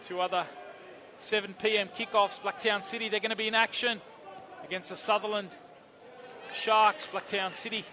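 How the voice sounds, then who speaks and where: A male football commentator with a high, bright voice calls a live match from the stadium. He moves quickly through fixtures and scores, and he shouts out the big moments of play. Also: steady tone, a faint crowd, slight background noise.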